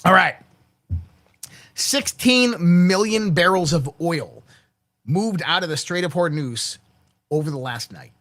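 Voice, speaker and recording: A man with a fairly bright, higher-than-average voice hosts a casual daily political commentary show, speaking expressively at a measured pace with long pauses. He's blunt and crass, swears frequently, and restarts sentences by repeating words.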